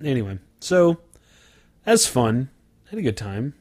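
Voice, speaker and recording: Podcast guy, mid pitch, mock-outraged riffing, laughs a lot. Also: sing-song, a little slow, a little mellow. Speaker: podcast co-host. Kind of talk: comedic podcast banter.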